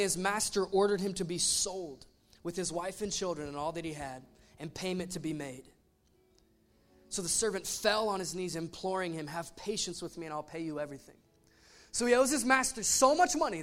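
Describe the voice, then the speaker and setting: Guy with a high voice preaching, loose and jokey, acts out the story, faint music behind. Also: a little fast. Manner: animated storytelling with voiced asides. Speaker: pastor. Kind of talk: casual sermon.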